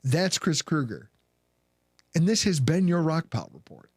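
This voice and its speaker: A man's voice: on the high side, normal speed, no echo, clean studio sound. A man co-hosting a podcast, telling jokey stories in casual banter. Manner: joking, animated storytelling. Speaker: podcast co-host.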